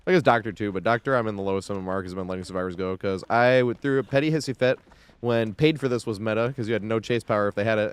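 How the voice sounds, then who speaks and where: A man's voice: on the low side, smooth. A man streaming live gameplay, talking casually and swearing, humming and muttering to himself as he plays at home. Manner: casual, swearing, hums and mutters while playing.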